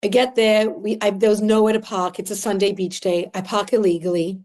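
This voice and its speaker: Australian woman, emotional storyteller, warm dark tone, casual chat. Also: medium pitch, fairly even intonation, fairly quick. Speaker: podcast guest.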